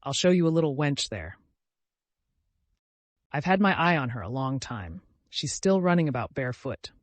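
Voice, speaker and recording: A man's voice: mid-range voice, sing-song, moderate pace, no echo, close to an everyday voice. A man voicing a drunken, lecherous old father who rambles and picks quarrels. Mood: wheedling.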